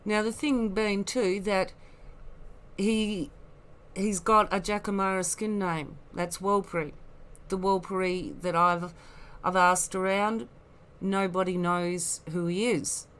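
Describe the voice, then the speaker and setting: A woman's voice: medium pitch, fairly even intonation, slow pace, a bit bright, smooth. A woman giving rambling, critical commentary, full of asides and scorn. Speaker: online commentator.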